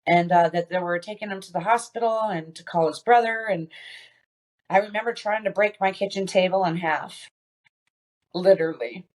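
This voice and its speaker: A woman being interviewed on a podcast, telling a personal story with many pauses, fillers and restarts. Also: medium pitch, darkish tone. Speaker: podcast guest.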